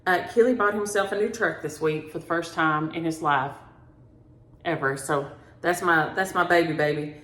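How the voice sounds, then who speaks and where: A woman's voice: deep voice, moderate pace, fairly bright tone. A middle-aged woman hosting a cross-stitch vlog, chatting at home in a folksy, storytelling way and calling viewers "y'all". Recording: roomy home recording.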